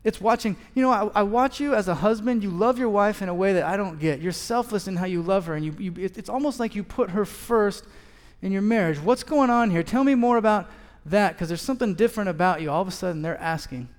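A man in his thirties, a pastor, preaches a sermon and tells a story, voicing both sides of the conversation. His voice is high-pitched and fast, with hardly any pauses. The recording carries a long hall reverb.

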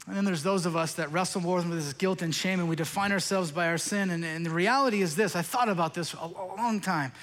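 Guy preaching in a church, high voice, long hall echo, earnest and pleading. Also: brisk, few pauses, fairly bright tone. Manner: earnest, pleading, repeats phrases. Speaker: pastor. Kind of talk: sermon.

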